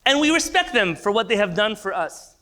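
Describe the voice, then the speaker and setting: A high, bright-voiced man lecturing as a rabbi at an evening class. He speaks earnestly, stacking repeated phrases for emphasis, with a passionate, forceful edge. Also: sing-song, a little fast. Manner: earnest, impassioned, repetitive for emphasis.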